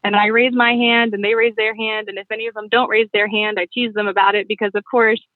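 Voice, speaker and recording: A woman's voice: medium pitch, flat delivery, dry recording. Woman on a tinny phone line. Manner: upbeat, playful, with self-corrections and quick laughs. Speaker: jewelry party seller. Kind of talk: casual explanation of sales tips.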